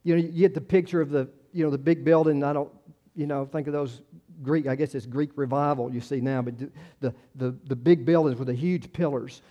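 A man's voice: mid-range voice, fairly even intonation, a little fast, few pauses, lo-fi sound. A man in his sixties preaching a sermon in a folksy, conversational way, repeating words and telling personal stories. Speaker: pastor.

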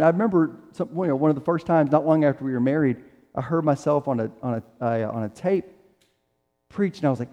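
A middle-aged man preaching from the pulpit, talking plainly and acting out the lines he quotes. His voice sits a bit high but sounds mellow. It rings with the long reverb of a large hall. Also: fast, highs cut off. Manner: conversational preaching with acted-out quotes. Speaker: pastor. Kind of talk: sermon.

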